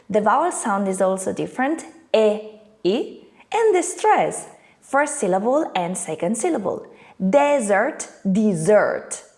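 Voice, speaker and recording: A woman's voice: fairly high pitch, darkish tone. A woman, not a native English speaker, teaching an online English lesson in a playful way with little acted scenes.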